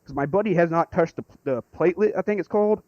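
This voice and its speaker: A man calling in to tell a rambling story, excitable and swearing freely. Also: high-pitched, racing, no echo, dull audio. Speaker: caller. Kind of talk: casual storytelling.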